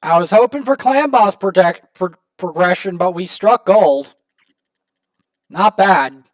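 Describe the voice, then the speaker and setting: A man hosting a gaming channel, casually commenting to viewers as he opens rewards, prone to excited outbursts. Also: sits high, a little slow, no echo. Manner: excitable, talks to viewers while opening rewards.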